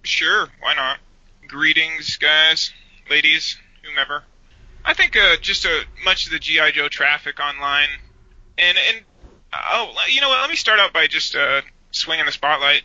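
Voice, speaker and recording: A man's voice: fairly high pitch, unhurried, bright, forceful tone, dry recording. A man co-hosting a casual podcast, talking in a rambling way with many restarts. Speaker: podcast co-host. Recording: dry, dull lo-fi audio.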